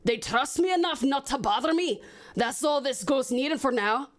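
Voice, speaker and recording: Woman voicing a gruff ghost brewmaster, wry, higher-pitched, for a read-aloud story. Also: lively intonation, moderate pace. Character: grumbling male ghost brewmaster.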